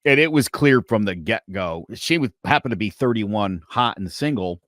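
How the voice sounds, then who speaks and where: A man with a low-pitched voice chats on a podcast, telling a personal story with lots of energy. He swings his pitch high to mimic other people and swears casually. The sound is dry and close-miked. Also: moderate pace, no room sound. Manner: animated storyteller acting out quotes with big pitch swings. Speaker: podcast guest.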